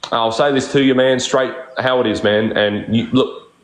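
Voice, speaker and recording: A man's voice: medium pitch, fairly even intonation, normal speed, echoey room, rough recording. A man with an Australian accent ranting on a live stream, crude and defensive, swearing constantly. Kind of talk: heated live-stream rant.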